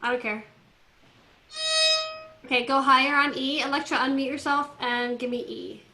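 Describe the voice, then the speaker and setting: A woman teaching an online violin class, coaching students through tuning in a brisk, directive way over a video call. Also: high voice, steady tone, loud music behind the voice. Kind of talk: online group class instruction. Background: faint violin notes from students.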